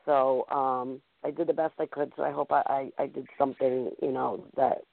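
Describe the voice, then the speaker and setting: A woman's voice: rumbling low, little pitch movement, normal speed, creaky, dry recording. A woman host talks over a thin, phone-like line, loose and chatty, with lots of "you know"s and "um"s. The sound is dry and close, with no room around it. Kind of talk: casual call-in show chat.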